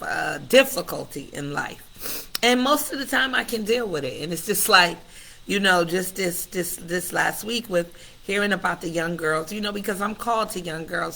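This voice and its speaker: With a fairly low, gravelly voice that's bright and forceful, a middle-aged woman speaks from the heart on her own livestream. Her preacher-like cadence keeps addressing viewers directly in candid personal talk, and the recording is rough.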